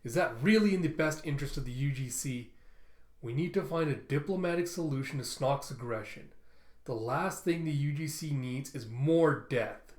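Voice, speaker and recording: A composed alien statesman, read aloud by a man from a comic, speaking in slow, deliberate phrases. The voice stays close to an ordinary speaking voice. There is a roomy echo around him. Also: mid-range voice, animated, a little mellow, close to an everyday voice. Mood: measured. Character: measured male alien leader, calm and diplomatic.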